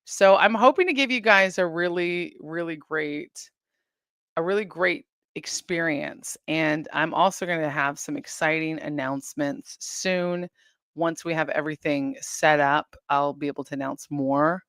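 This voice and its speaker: A woman hosts a casual livestream from her home, chatting to her viewers and reading their comments aloud. Her voice sits a little low. The sound is dry, with no echo around it. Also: unhurried, a bit bright, smooth. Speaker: livestream host.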